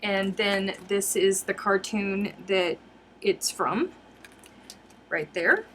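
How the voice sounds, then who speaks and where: Excitable, giggly woman chatting slowly. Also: mid-range voice, a little hiss or hum. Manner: excitable, giggly, addresses viewers as you guys. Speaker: crochet livestream host. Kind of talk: live unboxing chat with viewers.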